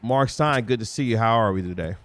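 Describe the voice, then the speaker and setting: A man's voice: medium pitch, brisk, fairly bright tone, dry recording. A man hosting a sports podcast, easygoing, introducing a guest and asking questions with many fillers. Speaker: podcast host. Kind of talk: casual podcast chat.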